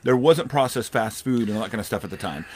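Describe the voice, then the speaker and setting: A man's voice: medium pitch, expressive, a little hiss or hum. A man co-hosting a casual podcast chat, talking in an emphatic, rambling way. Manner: rambling, emphatic, fast talker. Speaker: podcast co-host.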